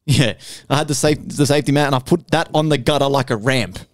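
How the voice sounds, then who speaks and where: A young man telling a story on a podcast, animated and full of swearing, checking in with "right?" as he goes. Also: mid-range voice, quick pace, no echo, studio quality. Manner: animated, swears constantly, keeps adding "right?". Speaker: podcast host. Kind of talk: casual storytelling chat.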